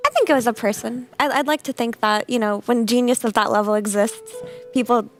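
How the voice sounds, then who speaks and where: A woman's voice: a little high, fairly quick, faint music behind. A woman on an esports panel, chatting casually and giggling between remarks. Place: studio desk.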